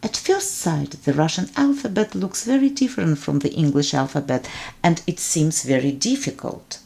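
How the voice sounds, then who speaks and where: A woman teaching alphabet pronunciation, speaking deliberately and enunciating each sound so it can be repeated. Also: low voice, animated, creaky, warm tone, husky. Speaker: language teacher. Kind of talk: slow instructional narration.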